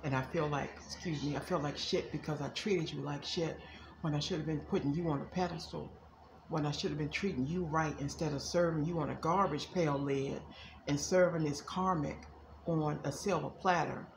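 A woman voicing a regretful lover confessing love and guilt in a soft, low, heartfelt tone. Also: fairly even intonation, moderate pace, roomy sound, background noise. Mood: remorseful. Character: remorseful lover begging forgiveness.

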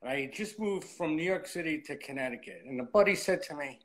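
A man's voice: a little high, animated, brisk, few pauses, fairly bright tone. A man in his late fifties, a guest in an interview, telling his story in a casual way and acting out old conversations as he goes. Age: 50s.

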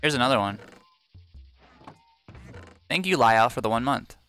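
A man's voice: medium pitch, animated, moderate pace, a bit bright, clear, resonant tone, soft background music. A man livestreaming a game, chatting casually with viewers and goofing around with silly bits. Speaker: streamer.

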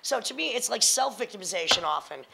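A woman's voice: medium pitch, expressive, quick pace, vocal fry, background noise. A woman in her fifties speaking on a panel, blunt, emphatic and confrontational, with plenty of profanity. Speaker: panelist and spoken word performer. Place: lecture hall panel with audience.

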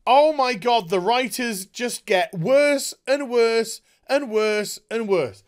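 A man's voice: very high voice, slow pace, clean tone. A man ranting in a video review, exasperated and sarcastic, swearing often. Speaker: TV show reviewer.

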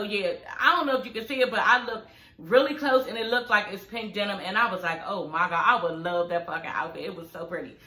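A woman's voice: mid-range voice, pushed and bright. A woman hosting a casual review vlog at home. She talks straight to her viewers and swears freely. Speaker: YouTube show reviewer. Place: home, filming in front of her TV. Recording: roomy echo.

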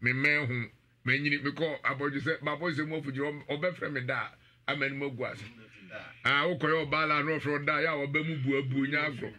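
High, bright-voiced radio host. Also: male voice, brisk. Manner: animated, laughing, shouting out viewers. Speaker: radio and live-stream host. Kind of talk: lively presenter banter, reading live comments.

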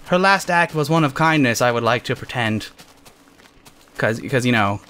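An excitable man narrating his game with a bright, forceful tone and a pitch that leaps all over the place. He jokes around and yelps at sudden moments. A faint hiss of noise runs under the recording. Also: moderate pace, pauses often. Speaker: gamer host. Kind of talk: casual let's-play commentary.

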